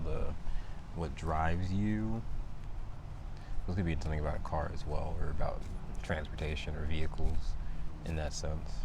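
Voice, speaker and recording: Very deep-voiced man reading tarot, loud noise. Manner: halting, restarts phrases often, excitable asides. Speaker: tarot reader. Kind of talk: casual solo tarot reading.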